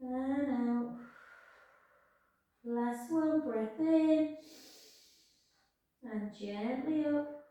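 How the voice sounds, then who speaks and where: A woman instructor guiding a pilates class with slow, soft, soothing cues. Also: sits high, lo-fi sound. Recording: echoey room, far from the mic.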